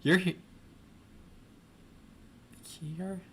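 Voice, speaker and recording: A man's voice: mid-range voice, measured pace, long pauses, a little hiss or hum. Young man laughing at his own writing. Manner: laughing, self-mocking. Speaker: reader. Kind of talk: reading his old fan fiction with commentary.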